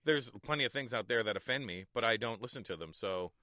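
A man's voice: medium pitch, animated, fast talker, bright, forceful tone, no room sound, studio quality. A Canadian man in his forties, a comedian guest in a radio interview, talking in a laid-back, candid and blunt way.

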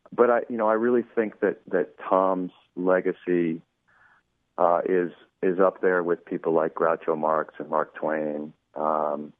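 Deep-voiced man on a tinny phone line. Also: dry recording. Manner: chatty storyteller, acts out quoted dialogue, many "you know"s. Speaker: producer of a radio show. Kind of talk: interview guest telling an anecdote.

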